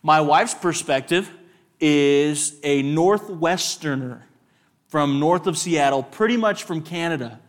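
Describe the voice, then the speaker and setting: A young man with a West Texas accent, a guest speaker telling lively personal stories at church and putting questions to the audience. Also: on the high side, slow. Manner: animated storyteller, asks the audience questions.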